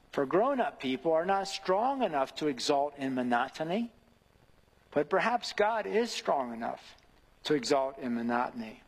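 A man's voice: fairly high pitch, animated, normal speed, husky, long reverb tail, rough recording. A man preaching an earnest devotional sermon who builds to emphatic rhetorical questions.

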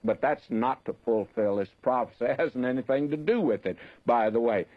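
A man preaching a sermon in a folksy, direct way, slowing down to stress the scripture he reads. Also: mid-range voice, animated. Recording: dull lo-fi tape recording.

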